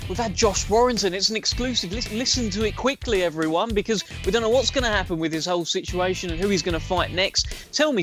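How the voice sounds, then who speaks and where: Male podcast host, high voice, upbeat and teasing, faint music behind. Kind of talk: casual podcast chat.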